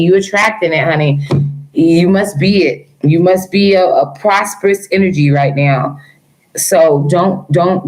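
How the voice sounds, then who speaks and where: A woman's voice: lowish voice, poor audio. A woman giving a casual live-stream tarot reading, speaking affectionately to her viewers with features. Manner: affectionate, calls viewers girl and honey. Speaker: tarot reader.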